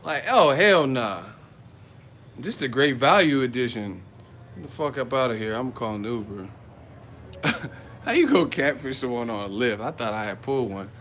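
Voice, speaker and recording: A man's voice: mid-range voice, expressive, moderate pace, a bit bright, slight background noise. A man hosting a boxing live chat from a hotel room, telling profane, joking stories. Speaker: boxing YouTuber host. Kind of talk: live-chat vlog storytelling.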